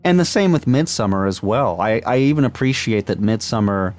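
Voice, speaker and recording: A man's voice: lowish voice, animated, a little fast, a little mellow, faint music behind. A man co-hosting a movie podcast, chatting casually with many fillers and restarts and laughing often. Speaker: podcast co-host.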